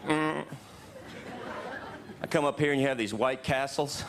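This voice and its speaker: A man doing stand-up comedy on a club stage, animated and jumping into loud high voices for his bits. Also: a little slow, background noise. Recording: live club recording with crowd laughter. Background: laughing audience.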